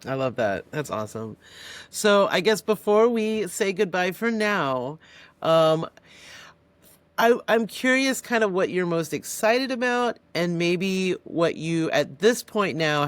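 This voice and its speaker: A man hosting an interview podcast, with a fairly high voice that rises and falls a lot. He encourages his guest and asks thoughtful questions. The sound is dry and close. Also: a bit bright, no room sound. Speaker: podcast host. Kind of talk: casual interview conversation.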